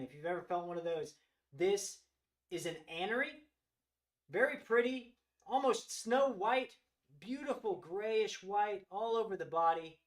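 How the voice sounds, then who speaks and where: A man with a notably high voice hosts a live-stream showcase. He talks with eager enthusiasm, praising each animal as he goes. He often circles back and restarts his sentences. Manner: enthusiastic, gushing over animals. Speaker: host of a live reptile sales show.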